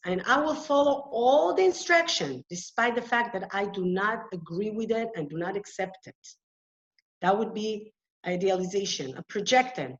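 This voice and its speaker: A woman giving an online webinar talk, explaining in an earnest way with halting restarts over a video call microphone. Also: a little high, highs cut off. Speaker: webinar presenter. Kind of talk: lecture-style webinar talk.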